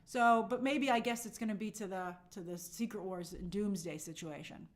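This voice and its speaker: A woman's voice: medium pitch, moderate pace. A woman hosting a live stream, casually reading out viewer comments and thinking aloud with frequent fillers. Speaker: host.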